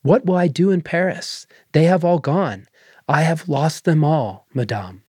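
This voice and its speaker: A man voicing a proud, weary French woman cook, speaking quietly and with dignity. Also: fairly high pitch, measured pace, husky, dry recording, clean studio sound, voice pushed up. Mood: dignified.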